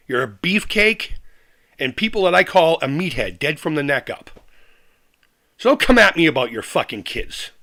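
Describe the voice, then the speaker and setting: A man's voice: sits high, pushed and bright. A man on a live stream, angrily ranting with heavy swearing, repeating himself and restarting sentences. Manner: angry, profane, fired-up. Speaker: retro gaming YouTuber.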